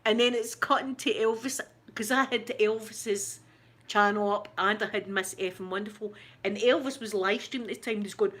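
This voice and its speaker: A woman's voice: mid-range voice, normal speed. A Scottish woman chatting casually on a livestream, telling gossipy stories with a lot of laughter. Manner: animated, gossipy storytelling with lots of laughter. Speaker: ASMR YouTuber answering live chat.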